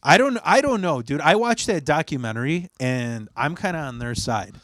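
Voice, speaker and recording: A man's voice: fairly high pitch, lively intonation, moderate pace, a bit bright. A man chatting casually on a podcast, rambling and swearing, with lots of fillers and restarts. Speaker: podcast co-host.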